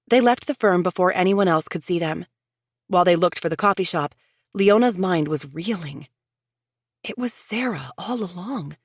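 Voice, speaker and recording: A woman narrating a mystery audiobook in a measured, even storytelling manner. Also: fairly low pitch, no room sound, studio quality. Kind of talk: scripted narration.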